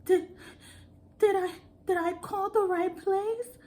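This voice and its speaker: A woman's voice: very high-pitched, normal speed, darkish tone, pitched above the performer's own voice. A woman voicing a frightened female caller who speaks in a shaky, stammering voice. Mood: nervous, unsure. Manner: hesitant, stammering, repeating herself.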